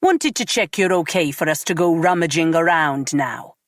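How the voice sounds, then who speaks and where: A man's voice: on the high side, animated, normal speed, dry recording, studio quality. A woman narrator voicing a rotund middle-aged Welsh fire officer, friendly and chatty, with a Welsh accent. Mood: matter-of-fact. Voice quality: warm, chatty. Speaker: assistant chief fire officer.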